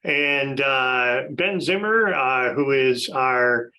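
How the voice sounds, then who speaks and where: Speaking extremely slowly but with animation, a man hosting a podcast introduces his panel of guests in a casual, chatty way, often using fillers and restarting sentences. His medium-pitched voice has a sharp tone, and the recording is rough.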